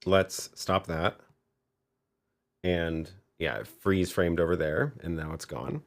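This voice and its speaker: Low-pitched and creaky, this man speaks slowly while hosting a live demo of video gear. He talks casually, thinking aloud as he tries things out, often trailing off and starting over.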